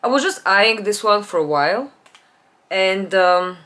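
A woman's voice: lively intonation, a little slow. Rambling woman chatting about perfumes. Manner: rambling, with restarts and trailing off to a low, quiet voice. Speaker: beauty vlogger. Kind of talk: casual perfume haul chat. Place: home, natural light.

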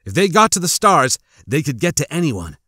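A man's voice: a little high, sing-song, normal speed, bright, forceful tone, no echo, studio quality, exaggerated voice. A man doing a tough young policewoman. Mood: determined. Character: determined young woman, ex-police officer.

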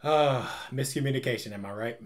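A man's voice: medium pitch, fairly quick, crowd noise. A man hosting a movie reaction, making playful quips and wordplay between chuckles. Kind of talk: casual movie reaction commentary.

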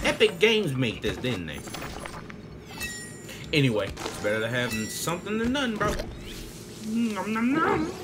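A young man commentating his own gameplay live, hyped up, shouting trash talk at opponents and laughing and joking to himself. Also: mid-range voice. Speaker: gaming video creator. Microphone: desk mic with face cam. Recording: game sounds loud behind the voice.

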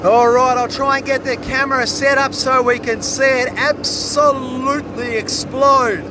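An Australian man vlogging a plumbing job, excitable and jokey, full of slang and hungover. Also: very high voice, a little slow, noisy background. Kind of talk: casual on-the-job vlog commentary.

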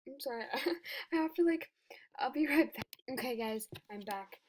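A woman giving casual commentary over her gameplay, excitable and giggly, often dropping to a whisper. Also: high-pitched, moderate pace, a little hiss or hum. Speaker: game video creator.

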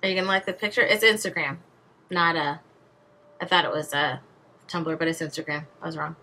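Bright-voiced woman gushing over a video. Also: deep voice, steady tone, brisk. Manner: exclamatory, gushing reactions. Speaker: reaction channel host. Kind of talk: casual reaction commentary.

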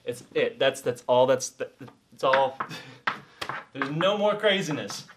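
Out of breath, a man teaches a dance step while demonstrating it, encouraging viewers and laughing often as he counts the beats in this casual tutorial. His medium-pitched voice is expressive and unhurried. The mic is distant, with heavy background noise.

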